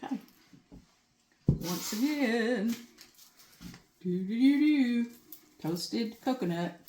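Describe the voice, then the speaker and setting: A woman's voice: a little high, animated, slow pace, mellow, slight background noise. Folksy older Southern woman, echoey kitchen. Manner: folksy, chatty, homespun. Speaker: home cooking show host. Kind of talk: casual cooking demonstration. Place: home kitchen.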